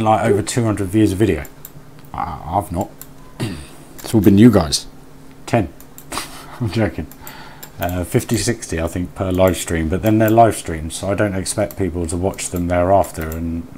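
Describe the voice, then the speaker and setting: Male streamer, deep voice, easygoing chat with viewers, thinks aloud, faint background noise. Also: vocal fry, dark tone. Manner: chatty, reads and answers chat aloud, mutters while working. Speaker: live streamer. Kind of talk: casual live-stream chat while building in a game.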